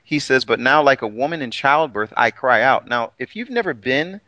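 A middle-aged man co-hosting a casual talk about scripture, animated and teasing, often laughing. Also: medium pitch, moderate pace, no echo, lo-fi sound. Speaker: co-host of a scripture talk show.

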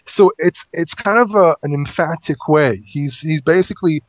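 A man's voice: on the high side, normal speed, dry recording. A man casually teaching a Bible passage, explaining it in a loose, restarting way. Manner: explanatory, with frequent restarts and fillers. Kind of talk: casual Bible study discussion. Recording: dull lo-fi audio.

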